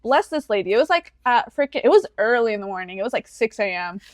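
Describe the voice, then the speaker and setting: A woman's voice: fairly high pitch, very animated, quick pace, dry recording, studio quality. A woman in her twenties, co-hosting a podcast and telling a personal story animatedly, slipping into the voices of the people she quotes. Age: 20s. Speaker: podcast co-host. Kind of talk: casual chat.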